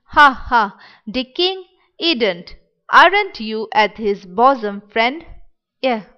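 A woman's voice: fairly high pitch, big pitch swings, slow, bright, forceful tone, smooth, muffled recording, exaggerated voice. A woman reading the part of a pompous, spiteful middle-aged village headman in a play reading, with a sneering, mocking manner.

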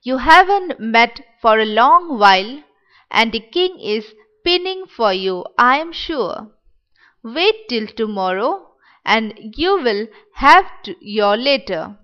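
A woman's voice: fairly high pitch, very animated, slow pace, bright, forceful tone, dull audio, heavily acted. A woman reading the part of a pompous, spiteful middle-aged village headman in a play reading, with a sneering, mocking manner.

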